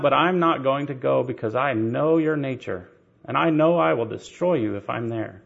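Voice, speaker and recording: A man's voice: medium pitch, moderate pace, gravelly. A man preaching a sermon, telling stories with rhetorical questions and light laughter. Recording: dull lo-fi sermon recording.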